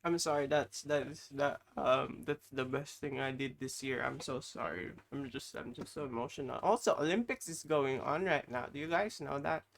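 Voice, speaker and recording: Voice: medium pitch, normal speed, creaky, hardly any pauses. A live streamer chatting casually with their audience in a rambling, apologetic way while reacting to videos.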